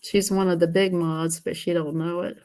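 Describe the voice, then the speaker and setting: A woman's voice: fairly low pitch, flat delivery, moderate pace, a little mellow. Chatty woman livestreaming. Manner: chatty, laughs often, greets viewers. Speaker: livestream host. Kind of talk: casual livestream chat while coloring.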